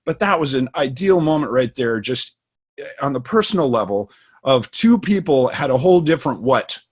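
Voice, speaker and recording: Middle-aged guy co-hosting a podcast, chatty, lots of ums and restarts, average pitch. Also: lively intonation, normal speed, husky. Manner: storytelling, many fillers and restarts. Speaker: co-host. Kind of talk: casual instructional talk.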